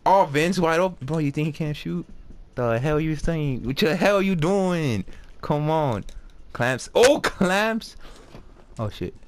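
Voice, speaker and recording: A man giving casual, excitable commentary while playing a basketball video game, swearing and trash-talking. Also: a little high, takes it slowly. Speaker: gameplay commentator.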